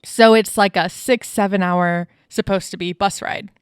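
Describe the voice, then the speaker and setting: A woman's voice: mid-range voice, steady tone, normal speed, smooth, no echo, clean studio sound. A woman co-hosting a podcast, chatting casually and poking fun at her co-host with wry remarks. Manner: wry, teasing interjections. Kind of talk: casual chat.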